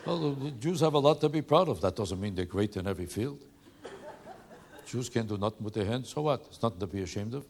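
Animated male stand-up comic. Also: on the low side, fairly quick, pauses often. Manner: punchy, animated joke delivery. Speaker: stand-up comedian. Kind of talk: stand-up comedy routine. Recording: noisy live recording.

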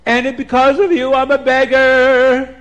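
A man voicing a ruined old beggar who wails and sobs in a high, pleading voice. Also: monotone, unhurried, fairly bright tone, long reverb tail, lo-fi sound. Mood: wailing.

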